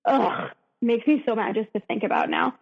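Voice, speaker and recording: A woman guest on a podcast recounting a painful personal story, rushing through it emotionally with frequent restarts. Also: fairly high pitch, gravelly, slightly rough. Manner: emotional, rushed retelling with restarts. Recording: lo-fi audio with long reverb.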